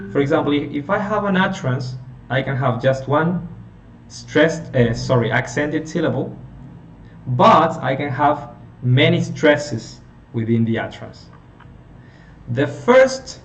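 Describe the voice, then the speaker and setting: Slow-talking male teacher in an echoey room. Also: medium pitch. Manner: slow, explaining step by step and quizzing students. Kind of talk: online phonetics lesson. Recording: echoey room, a little far from mic, faint hiss.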